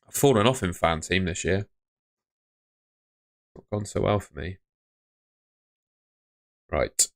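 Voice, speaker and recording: Low gravelly man chatting. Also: animated, takes it slowly, pauses often, dry recording, studio quality. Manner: chatty, muttering to himself while tapping through his phone. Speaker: livestream host. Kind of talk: casual live-stream chat.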